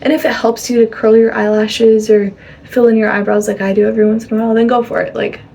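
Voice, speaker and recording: A woman's voice: on the high side, level tone, fast, creaky, warm tone. A young woman chatting casually in a rambling, laughing way as she vlogs her day. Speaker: vlogger. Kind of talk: casual vlog chat.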